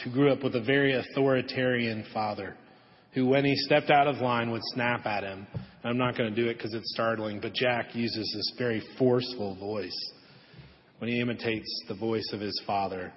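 A man preaching a sermon in a church sanctuary, telling a story gently and dropping to a soft hush on the key lines. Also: medium pitch, steady tone, moderate pace. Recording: echoey hall, dull lo-fi audio.

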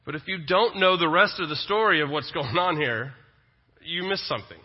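A man's voice: fairly high pitch, fairly quick, breathy edge. A male pastor, preaching a sermon in a conversational style with joking asides. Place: church sanctuary. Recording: dull lo-fi sound with long reverb.

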